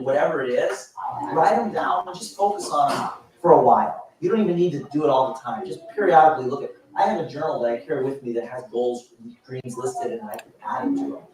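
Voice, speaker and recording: A man's voice: medium pitch, recorded from a distance. Man in his fifties, echoey hall. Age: 50s. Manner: animated storytelling with frequent restarts and laughs. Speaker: motivational speaker at a business event. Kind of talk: motivational speech.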